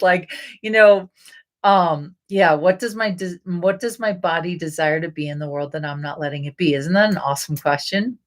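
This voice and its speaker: A middle-aged woman coach speaks in a casual, animated way to her listeners. She laughs often and slips into playful little voices as she goes. Her voice sits on the lower side. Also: moderate pace. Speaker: intuitive body coach. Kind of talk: casual promotional talk.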